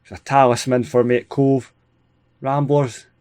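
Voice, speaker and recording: A Scottish man hosting a gaming video, giving casual, excitable play-by-play with frequent chuckles. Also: mid-range voice, measured pace, clean tone. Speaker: gaming channel host. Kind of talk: casual let's-play commentary.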